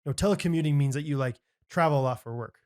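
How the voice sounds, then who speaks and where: A man's voice: a little high, quick pace, a little mellow, smooth. A man co-hosting a podcast in casual chat, easygoing and joking. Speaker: podcast co-host.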